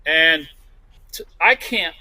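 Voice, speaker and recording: Blunt, cursing man with a bright voice. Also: a little high, animated, slow, no room sound, poor audio. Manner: blunt, swears freely, rambling. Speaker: podcast co-host. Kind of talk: casual podcast chat.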